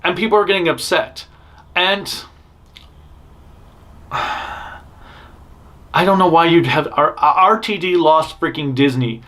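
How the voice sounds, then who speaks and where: A man's voice: fairly high pitch, takes it slowly, pauses often, pushed and bright. A man hosting a fan news show, rambling through blunt opinions with frequent restarts and self-interruptions. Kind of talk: casual opinionated news commentary.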